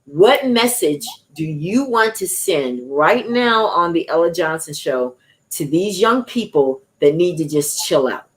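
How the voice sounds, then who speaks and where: Woman, talk show host, lower voice, emphatic, declaring, encouraging. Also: animated, unhurried. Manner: declaring, encouraging, laughing asides. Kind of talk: emphatic, preachy chat.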